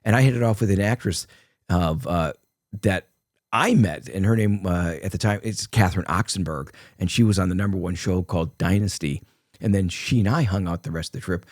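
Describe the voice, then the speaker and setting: Low-voiced older man telling rambling stories. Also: a little fast, a little mellow, no echo, clean studio sound. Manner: rambling anecdotes with many restarts and quoted dialogue. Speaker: interview guest. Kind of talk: casual storytelling interview.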